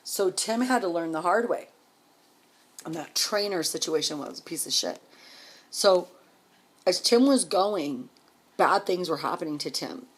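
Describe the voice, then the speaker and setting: A woman telling her life story casually on a vlog, blunt and swearing freely, with quick emphatic bursts. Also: lowish voice, expressive, a little hiss or hum. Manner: rapid, emphatic delivery.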